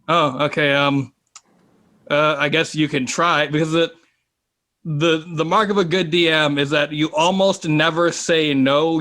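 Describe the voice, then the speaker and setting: A man's voice: on the high side, a bit bright. A man talking casually as a podcast guest about running and playing tabletop games, rambling with many fillers and restarts. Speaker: guest, tabletop game player and game master.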